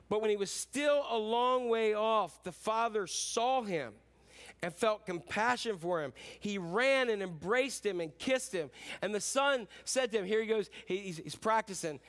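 A man preaching a sermon, retelling a story in an animated way and acting out its characters. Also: sits high. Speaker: pastor.

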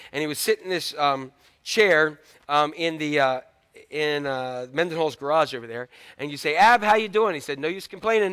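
Middle-aged male pastor, high bright voice, humorous animated sermon delivery. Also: clean tone, dry recording.

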